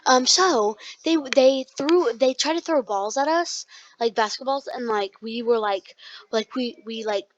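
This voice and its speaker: A young podcast co-host telling a rambling school story in casual chat, full of likes and ums. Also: female voice, on the high side, a little slow. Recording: dull lo-fi sound.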